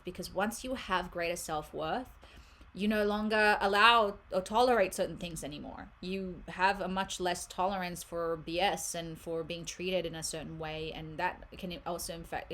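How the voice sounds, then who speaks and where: A woman giving a casual, chatty tarot card reading to a viewer, animated and quick to laugh, with many fillers and restarts. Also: fairly low pitch, slight background noise.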